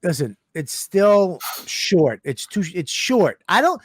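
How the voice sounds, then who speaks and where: A man's voice: sits high, very animated, takes it slowly, no echo, clean studio sound. A man co-hosting a casual comedy podcast, ranting with profanity and sarcasm. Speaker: co-host.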